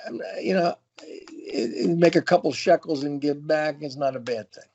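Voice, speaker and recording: A man's voice: fairly high pitch, moderate pace, darkish tone, dull audio. A man, a veteran stand-up comedian, chatting reflectively as a guest in an interview. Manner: reflective, loose and conversational. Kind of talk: casual interview chat.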